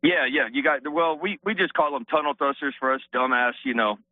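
A man's voice: medium pitch, brisk, no room sound. Winded male caller on tinny phone line. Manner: earnest, explanatory, polite. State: out of breath. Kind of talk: phoning in to a radio show.

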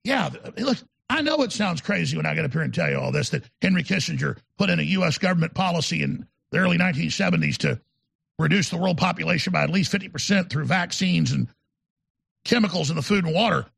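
A man's voice: on the high side, animated, quick pace, gravelly, a bit bright, breathy edge. A man hosting a talk show, delivering an emphatic, rambling monologue and often repeating words. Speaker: show host.

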